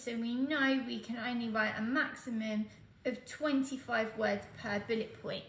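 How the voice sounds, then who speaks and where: A woman's voice: on the high side, vocal fry, bright, forceful tone. Patient woman teaching Spanish, roomy sound. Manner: patient, explains step by step, checks in with "okay?". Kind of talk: exam tutorial.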